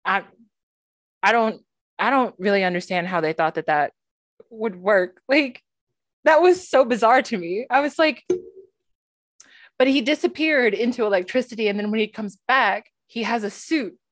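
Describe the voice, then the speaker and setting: A woman's voice: fairly high pitch, moderate pace, pauses often, no room sound, studio quality. A woman co-hosting a podcast, chatting casually with many fillers and laughs. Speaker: podcast co-host. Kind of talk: casual chat.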